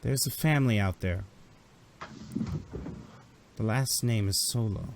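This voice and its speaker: A man voicing a calm, commanding older male Imperial officer in a tabletop game, quiet and measured. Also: on the low side, gravelly, background noise.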